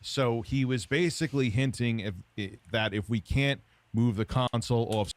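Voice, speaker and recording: A man's voice: mid-range voice, moderate pace. A man giving informal, sarcastic gaming news commentary.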